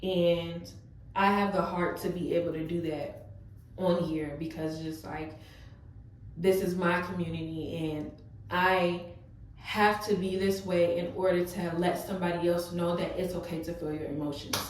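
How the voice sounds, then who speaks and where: A woman's voice: fairly low pitch, fairly even intonation, measured pace, recorded from a distance, slight background noise. Chatty young woman in an echoey room. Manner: casual, emotional, lots of fillers like "yo, like". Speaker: vlogger. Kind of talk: heart-to-heart vlog talk.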